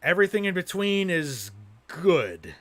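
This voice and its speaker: A man's voice: high-pitched, sing-song, a little slow. Casual, profane young man streamer. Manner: profane, rambling, rants with heavy swearing. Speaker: streamer showing his film collection. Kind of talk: casual livestream chat.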